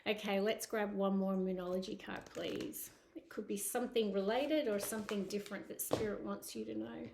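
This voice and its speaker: A woman's voice: medium pitch, steady tone, brisk, vocal fry, a little mellow, slight background noise. A woman with a Scottish accent giving a casual tarot reading, chatty, with many fillers and tag questions. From Scotland. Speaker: tarot reader.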